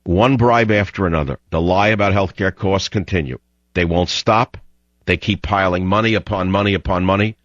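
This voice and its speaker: A man's voice: low-pitched, moderate pace, a bit bright, no echo. A man hosting talk radio, delivering an emphatic, fiery ranting monologue on dull lo-fi audio.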